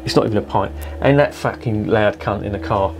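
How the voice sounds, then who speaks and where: Casting: bloke, lowish voice, rambling sweary beer-review rant. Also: male voice, a little fast, noisy background. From England. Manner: swears constantly, rambling and exasperated. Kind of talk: casual profane rant.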